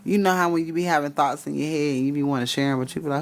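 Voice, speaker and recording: On a casual live stream, a man gives spiritual readings, swearing freely, laughing a lot and addressing his chat directly. His voice is fairly high-pitched and very fast.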